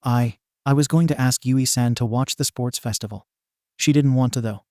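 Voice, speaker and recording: A man's voice: mid-range voice, a little mellow, no room sound, clean studio sound, lightly acted. A man voicing an anxious teenage girl student who stammers and halts through her words. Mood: tearful. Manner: halting, stammering.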